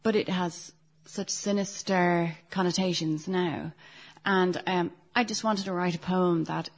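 A middle-aged woman, a poet, giving a poetry reading. Between poems she chats in a hesitant, self-deprecating way, and she reads her verse in a measured voice. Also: fairly low pitch, fairly even intonation. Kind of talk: poetry reading with chatty asides.

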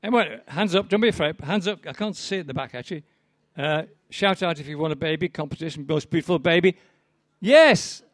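A man's voice: on the high side, fast, hardly any pauses, fairly bright tone, no room sound, clean studio sound. An older man giving a live poetry reading, with wry, rambling, self-deprecating asides to the audience. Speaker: poet performing to an audience.

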